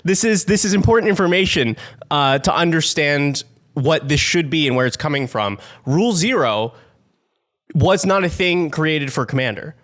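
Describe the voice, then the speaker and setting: A man with a slightly high voice co-hosts a casual comedic chat. He is jokey and playful and laughs often while he explains things. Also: lively intonation, moderate pace, fairly bright tone. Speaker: podcast co-host.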